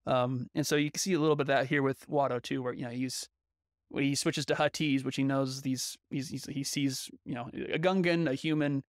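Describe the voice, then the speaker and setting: A man's voice: mid-range voice, steady tone, brisk, no echo, clean studio sound. A man co-hosting a podcast in casual discussion, talking in a thoughtful, analytical way and sometimes searching for words. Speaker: podcast co-host.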